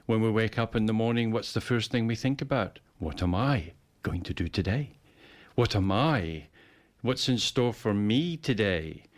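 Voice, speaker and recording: In a casual conversation, a man with an expressive, lowish voice talks at normal speed. His musing wanders and repeats words, and he sometimes puts on playful voices.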